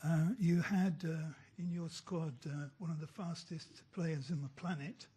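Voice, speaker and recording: A man from Britain, a reporter asking a question at a press conference in a halting way with many fillers. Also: a little high, fairly even intonation, mellow, husky.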